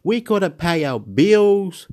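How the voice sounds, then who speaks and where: A man from Chile with a somewhat high voice, rambling through a loose monologue. He lurches from loud, excited boasting down to quiet muttering, looping the same words again and again and laughing to himself. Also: takes it slowly.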